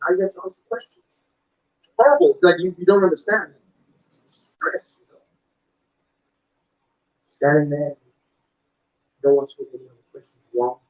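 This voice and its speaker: A male stand-up comedian performing a routine on stage, acting out voices of shouting officers. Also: on the high side, normal speed, pauses often, dull audio. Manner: animated, with loud acted-out officer voices.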